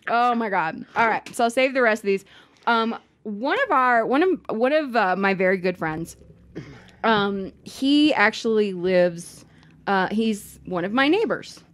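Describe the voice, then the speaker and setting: A woman's voice: mid-range voice, animated, unhurried. A woman co-hosting a podcast in casual chat, blunt and profane, often laughing as she talks. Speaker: podcast co-host.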